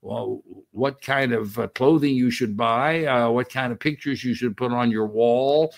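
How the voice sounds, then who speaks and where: A man's voice: medium pitch, unhurried, creaky. An older man giving a conversational sermon as a minister, repeating phrases and using fillers. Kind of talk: sermon teaching.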